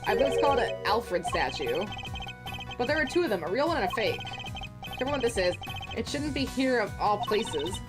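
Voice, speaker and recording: A woman voicing a composed, formal male prosecutor, speaking in a lowered, measured tone. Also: very animated. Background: game music.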